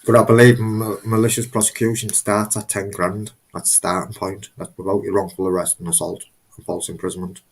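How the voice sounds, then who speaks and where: A man's voice: lowish voice, flat delivery, brisk. A man hosting a live stream, talking casually in a rambling, emphatic way and often repeating himself.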